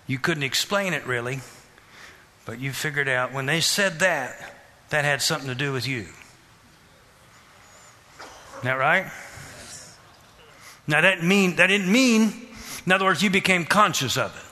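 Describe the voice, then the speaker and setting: A man preaching a sermon, questioning the congregation and repeating phrases in a steady rhythm. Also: a little high, moderate pace. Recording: reverberant hall.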